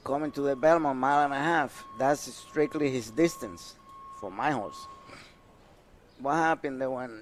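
A man's voice: medium pitch, a little slow, a little hiss or hum. An older man from Panama with a Panamanian Spanish accent, a retired jockey telling stories in an interview. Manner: animated storytelling, trailing off quietly. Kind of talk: reminiscing interview.

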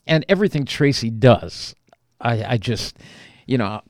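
A man telling a personal story as an author being interviewed, animated and acting out the lines he quotes. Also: medium pitch, a little slow, no room sound, studio quality.

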